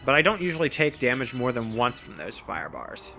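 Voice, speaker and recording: Bright-voiced man casually narrating gameplay. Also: mid-range voice, sing-song, a little fast, vocal fry, faint music behind. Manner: casual, rambling, self-deprecating. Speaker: gameplay commentator. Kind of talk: let's play commentary.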